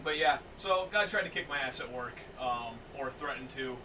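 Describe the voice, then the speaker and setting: A young man hosting a podcast, telling stories in an animated way, laughing often and loudly acting out what people said. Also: medium pitch, moderate pace. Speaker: podcast host. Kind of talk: casual storytelling chat. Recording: distant mic, faint noise.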